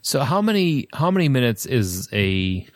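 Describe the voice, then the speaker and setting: A man's voice: medium pitch, sing-song, normal speed, no room sound. A middle-aged man hosting a casual podcast chat, reading film trivia aloud with a chatty, self-deprecating manner. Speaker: podcast host.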